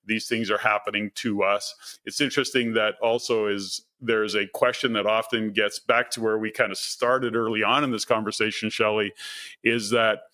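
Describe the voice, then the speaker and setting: A man's voice: on the low side, flat delivery, moderate pace, pushed and bright. A man hosting a podcast interview, thinking aloud in long, looping sentences. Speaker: podcast host. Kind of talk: conversational interview.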